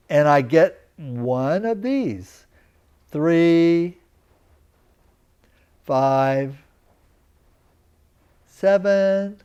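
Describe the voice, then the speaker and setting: A man's voice: fairly high pitch, smooth. A man teaching a live lecture, explaining step by step and often checking that his students understand. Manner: slow, deliberate, checks in with students. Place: teaching center room.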